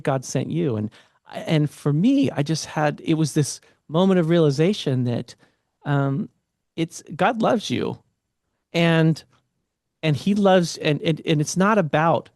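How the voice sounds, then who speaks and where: A man telling a personal story as a guest in an interview, earnest and halting, often restarting his sentences. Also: a little high, darkish tone, no room sound, studio quality. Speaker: guest, author and speaker.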